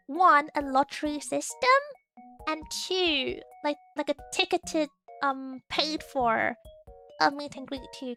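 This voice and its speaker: A woman's voice: high voice, sharp tone. A young English woman streamer in casual chat, giggly and bubbly, rambling with lots of fillers. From England.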